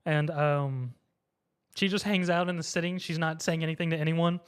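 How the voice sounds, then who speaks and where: A man recapping an anime episode in casual chat, lively and quick to laugh, acting out the characters' lines. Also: on the high side, smooth. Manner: animated retelling, acts out characters' lines, laughs often. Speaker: podcast co-host.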